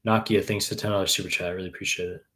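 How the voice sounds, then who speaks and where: A man's voice: deep voice, steady tone, very fast, fairly bright tone. A man in his thirties from New York, a tutor answering viewer questions on a live stream in a blunt, profane way with many fillers. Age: 30s. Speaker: exam prep tutor.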